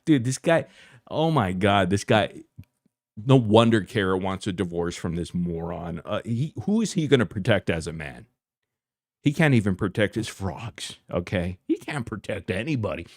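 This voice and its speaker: A man hosting a commentary channel, ranting in a heated, mocking and profane way, halting with fillers and restarts. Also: fairly low pitch, big pitch swings, no room sound, clean studio sound. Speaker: YouTube commentary host.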